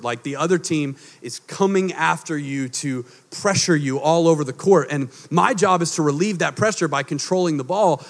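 A man, preaching a sermon as a pastor. He swings from hushed, quiet lines to loud, emphatic ones. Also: on the high side. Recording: long hall reverb.

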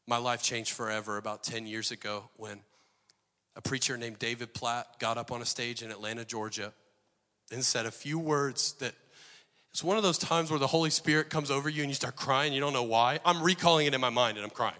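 A man in his forties preaching a sermon as pastor, impassioned and building to near shouts. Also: mid-range voice, moderate pace, in a large hall. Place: church auditorium.

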